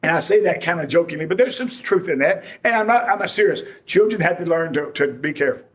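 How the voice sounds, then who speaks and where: A man delivers a sermon in a folksy, conversational manner, slipping jokes and homespun stories into his points. His voice sits high for a man. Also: animated, quick pace, a bit bright. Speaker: preacher.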